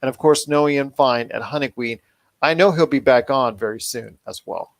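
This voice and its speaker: A man's voice: medium pitch, moderate pace, gravelly, no room sound. A man hosting a pop culture podcast, talking enthusiastically and rambling with restarts. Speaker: podcast host. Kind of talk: casual podcast chat.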